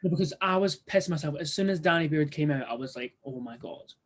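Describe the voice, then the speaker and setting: A young man hosting a casual review chat, bubbly, quick to laugh and full of fillers. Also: fairly high pitch. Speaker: host.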